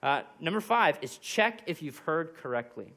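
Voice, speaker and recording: A man's voice: on the high side, very animated, normal speed, pushed and bright. A young man giving a sermon as pastor, walking through numbered points and acting out little example quotes. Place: church.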